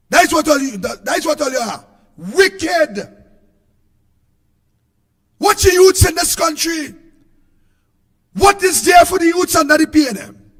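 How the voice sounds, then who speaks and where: Trinidadian guy ranting politics, shouty and sing-song, slow delivery. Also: extremely high pitch, in a large hall. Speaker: political speaker. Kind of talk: impassioned political speech.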